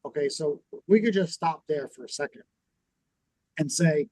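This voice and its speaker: A middle-aged man with a fairly high voice, recorded close and dry with no room sound. He teaches in a relaxed chat, telling stories from his own business and acting out each person's lines as he goes. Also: normal speed, dry recording, rough recording. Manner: storytelling, acts out quoted dialogue, repeats words when restarting. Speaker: podcast co-host and business owner.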